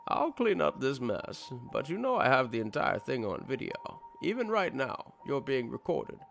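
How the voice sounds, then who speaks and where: A man voicing a cold, gleeful masked male serial killer who speaks slowly and flatly and turns menacing. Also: medium pitch, creaky, slight background noise, voice pushed up. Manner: slow, flat and menacing, rising into glee.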